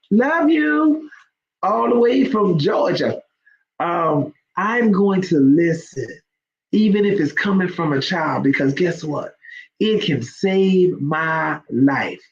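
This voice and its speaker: A woman's voice: on the low side, dull audio, slight background noise. A woman hosting a live faith talk for online listeners. She speaks conversationally with many ums and builds into emphatic exhortation.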